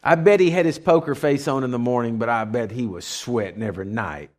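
A man preaching a conversational sermon, folksy and animated, telling stories and acting out voices. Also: mid-range voice, fairly quick, hardly any pauses. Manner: animated storytelling, acts out voices.

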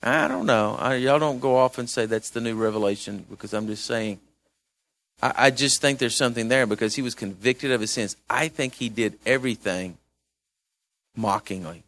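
A man preaching a chatty Bible-study sermon, swinging between loud and hushed. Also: medium pitch, moderate pace, dry recording.

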